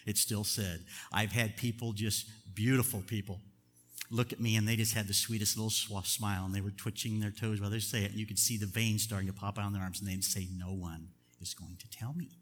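An older man preaching a sermon as pastor, chatty and chuckling, moving between loud emphatic bursts and quiet asides. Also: fairly low pitch, level tone, brisk, in a large hall.

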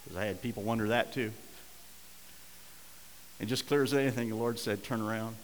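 A middle-aged man preaching a sermon, telling a story and swinging between hushed and loud, urgent passages. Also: fairly low pitch, fairly even intonation, a little fast, long reverb tail, slight background noise, rough recording. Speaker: pastor.

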